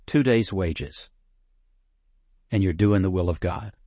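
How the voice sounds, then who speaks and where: A man preaching a sermon, earnest and close to tears, slowing down to stress his points. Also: low-pitched, mellow, no room sound. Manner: earnest, emotional, slows down for emphasis. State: near tears. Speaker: pastor.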